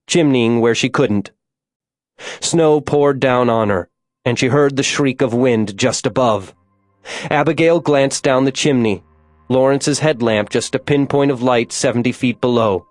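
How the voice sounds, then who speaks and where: A man reading an audiobook in a measured, scripted narration. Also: medium pitch, dry recording, clean studio sound.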